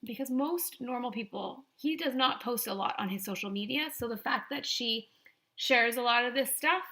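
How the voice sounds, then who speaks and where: A woman's voice: on the high side, bright, forceful tone. A woman hosting a reaction video, making sarcastic, incredulous asides in casual commentary.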